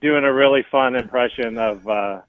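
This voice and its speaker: A man calling in to a live show, recapping in a deadpan, halting way with many fillers. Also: medium pitch, no echo, phone-quality sound. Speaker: caller. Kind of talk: casual call-in recap.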